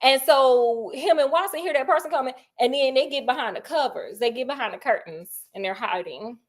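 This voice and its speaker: A woman storyteller retelling a classic mystery in an animated, slangy way, asking her listeners questions. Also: high-pitched, brisk.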